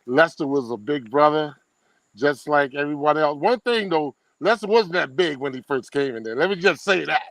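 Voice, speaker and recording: A man's voice: on the high side, moderate pace, a bit bright, no room sound, recorded from a distance, low-quality recording. A man in his fifties, a friendly, laid-back guest reminiscing with old friends. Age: 50s.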